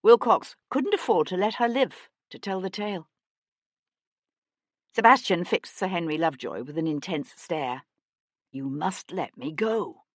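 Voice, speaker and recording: Low-voiced woman narrating an audiobook. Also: moderate pace, no room sound.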